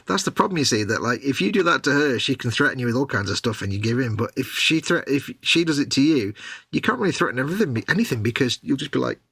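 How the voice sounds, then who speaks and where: Man co-hosting a hobby stream, bright tense tone, dry close sound. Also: medium pitch, lively intonation, fast talker, creaky, husky, no echo. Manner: laughs along, chipping in and teasing. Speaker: co-host of a model-building stream. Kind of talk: casual chat while painting models.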